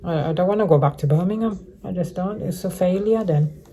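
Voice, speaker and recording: A middle-aged woman who sleeps rough on the streets delivers a casual vlog update to viewers in a dark voice that sits on the low side and moves fairly quickly. She rambles and repeats, with lots of restarts.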